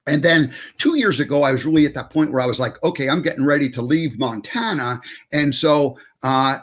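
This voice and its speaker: A man with a slightly higher voice hosts a casual online talk show over a video call. He rambles along loosely, full of fillers, restarts and asides. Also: a bit bright. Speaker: show host.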